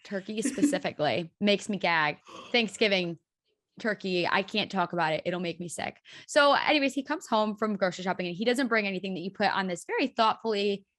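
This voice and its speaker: A woman's voice: mid-range voice, brisk, a bit bright. A woman hosting a podcast, chatting casually and supportively with a friend, with lots of "like" in her speech. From United States. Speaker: podcast host. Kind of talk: casual chat.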